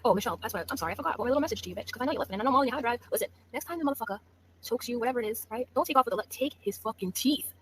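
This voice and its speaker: A woman's voice: on the high side, expressive, rapid-fire, a little hiss or hum, low-quality recording. A woman streamer delivering scornful, profane commentary, taunting a rival with mock sympathy. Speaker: YouTube streamer. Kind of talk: mocking livestream commentary.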